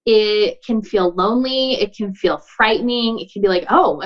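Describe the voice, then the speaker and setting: A woman's voice: mid-range voice, moderate pace, lo-fi sound. Earnest woman giving casual advice. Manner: earnest, uses many likes and you knows, acts out quoted dialogue. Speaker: podcast guest, boundaries coach.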